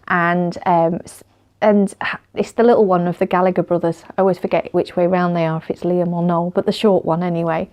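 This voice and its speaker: This is a woman telling a personal story in a relaxed vlog. Her voice sits at a middling pitch with a dark, mellow tone. She rambles cheerfully, laughing often between her ums and uhs. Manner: chatty, laughs often, many fillers. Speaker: vlogger. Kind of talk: casual storytelling.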